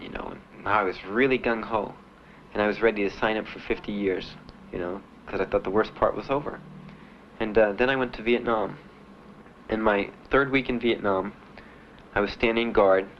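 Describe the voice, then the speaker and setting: A lo-fi recording with a bit of hiss or hum captures a low-voiced older man from Miami, a Vietnam veteran, recalling his past in an interview. He speaks plainly and haltingly, using many "uh"s and "you know"s.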